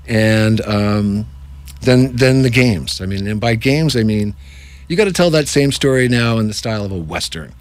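Lively man hosting improv nights. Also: fairly low pitch, moderate pace, dry recording. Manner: animated, jokey, self-interrupting. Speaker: improv workshop host. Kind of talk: casual radio-style interview.

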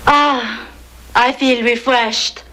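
An actress playing a coy, seductive woman, speaking slowly on a noisy film soundtrack. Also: on the high side, fairly even intonation. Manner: slow, coy and purring. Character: slinky seductive woman, a teasing temptress. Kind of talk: comic film acting.

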